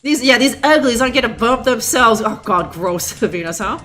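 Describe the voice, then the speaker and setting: With lively intonation and a moderate pace, a woman rambles through sarcastic live game commentary, breaking into laughter now and then. Her voice sits high and bright with wide pitch swings, and game music can be faintly heard behind her.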